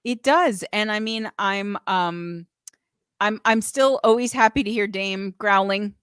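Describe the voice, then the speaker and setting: A woman's voice: medium pitch, measured pace, a bit bright, smooth, no echo, clean studio sound. A woman hosting a live music show, chatting enthusiastically, swearing freely and reading out chat comments. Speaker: host.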